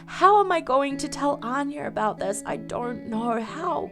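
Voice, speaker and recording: A woman's voice: mid-range voice, moderate pace, fairly bright tone, faint music behind, lightly acted. A woman voicing a distraught young woman who is grieving and turning defiant as she narrates a life-sim game story. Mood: anguished.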